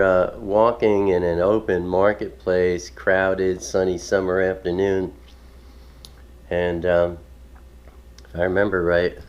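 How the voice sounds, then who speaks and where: A man's voice: deep voice, darkish tone, dull audio. A man hosting his own video, chatting casually and rambling with chuckles and many fillers. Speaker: ministry video host. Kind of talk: casual home video chat.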